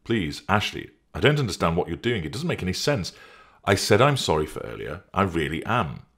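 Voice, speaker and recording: A man's voice: low voice, big pitch swings, brisk, fairly bright tone, slightly rough, pitched above the performer's own voice, exaggerated voice. A man voicing an anxious, pleading man who is desperate to hold on to his partner, in an audiobook reading. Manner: pleading, defensive.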